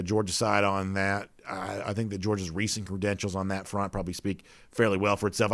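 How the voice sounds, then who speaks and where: Low-voiced sports show host. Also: male voice, no room sound. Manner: conversational, lots of "you know" fillers. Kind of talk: casual sports talk show, reading viewer comments.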